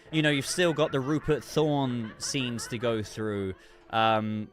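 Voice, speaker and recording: A man's voice: medium pitch, fairly bright tone. A man hosting a casual livestream, chatting loosely and reading viewer messages, sounding congested with a cough. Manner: rambling, chatty, self-interrupting. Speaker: livestream host.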